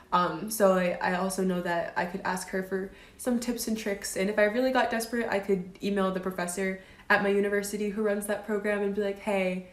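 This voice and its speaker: A woman in her twenties from the United States, chatting casually on a live stream and answering viewer comments, with lots of "um" and "like". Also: mid-range voice. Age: 20s. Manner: chatty, fillers like "um" and "like". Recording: roomy echo.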